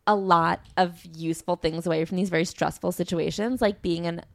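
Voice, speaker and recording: A woman's voice: fairly low pitch, steady tone, fairly quick, creaky, no room sound, clean studio sound. A woman co-hosting a podcast, chatting casually about a memoir and leaning often on "like". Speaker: podcast co-host. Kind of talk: casual book discussion.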